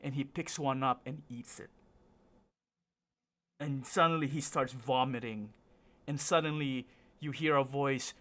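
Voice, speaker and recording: A man narrating a tabletop game as game master, in a halting way with many fillers. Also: medium pitch, fairly even intonation, fairly bright tone.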